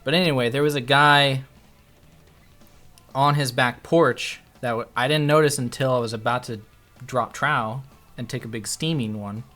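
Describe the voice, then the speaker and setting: Faint music sits under a livestreamer's mid-range, bright, forceful voice, delivered at normal speed with fairly even intonation. He tells a story casually, rambling and cursing while repeatedly cutting himself off to restart.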